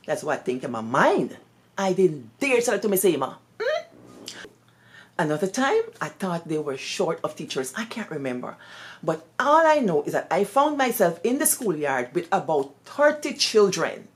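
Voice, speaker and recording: A Guyanese woman, once a schoolteacher, tells her stories in a fairly low voice that rises and falls with great animation. Her English slips into Creole expressions as she goes. The delivery is expressive and full of personality. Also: moderate pace. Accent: Guyanese Creole-tinged English. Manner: expressive, lively, peppered with Creole phrases. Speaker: storyteller and former teacher.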